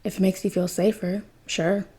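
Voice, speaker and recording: A woman voicing an earnest adult father who speaks low and soothing, hesitant with his words. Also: flat delivery, normal speed, dark tone, slightly rough, natural voice. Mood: gentle. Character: gruff earnest adult adoptive father, gentle.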